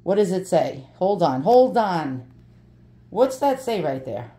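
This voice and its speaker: A woman's voice: lowish voice, sing-song, slow, mellow. Profane joking woman unboxing. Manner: brash, profane, joking, talks to viewers. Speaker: vlogger unboxing antiques. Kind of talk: casual unboxing chat.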